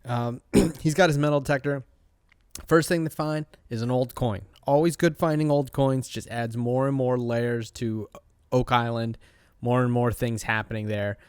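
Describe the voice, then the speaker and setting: A man recapping a show in a loose, rambling chat, full of "uh" and "um". His pitch sits in the middle for a man. The sound is close and dry, with no room echo. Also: fairly even intonation, normal speed, a little mellow, clean tone. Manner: chatty, rambling, with many fillers. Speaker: host. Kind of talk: casual episode recap.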